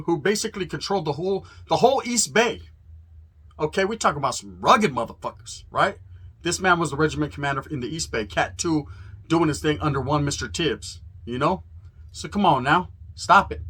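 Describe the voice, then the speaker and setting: A man's voice: a little high, fairly bright tone, slightly rough. A man from California hosting a profane, fired-up fight promo, talking in street slang laced with Spanish words. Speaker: host. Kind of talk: hyped fight promo monologue.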